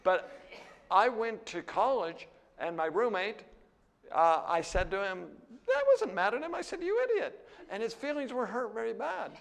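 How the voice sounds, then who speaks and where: A man's voice: moderate pace, vocal fry, in a large hall. American man lecturing on scripture, candid. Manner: candid, conversational, with frequent "right?" and "you know"; lively, jumps higher when animated. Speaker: seminary teacher. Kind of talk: classroom Bible lecture.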